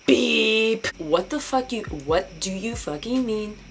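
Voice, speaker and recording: A woman's voice: mid-range voice, measured pace, slight background noise, rough recording. Profane, sarcastic young woman ranting. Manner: sarcastic, profane and animated, mocking others in put-on voices. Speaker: vlogger. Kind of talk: casual ranting vlog.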